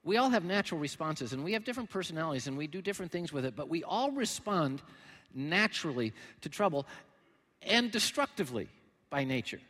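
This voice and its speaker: A man preaching a sermon as pastor, animated, swinging between loud emphatic lines and quiet, low ones. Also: a little fast, big-room sound.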